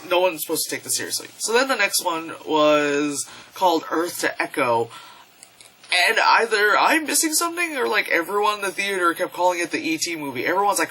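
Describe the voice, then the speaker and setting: A young man talks into his camera in a loose, rambling movie-review vlog. He swears freely and fills his talk with ums and likes. His voice is bright and a little high. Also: slight background noise, rough recording. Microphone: camera mic.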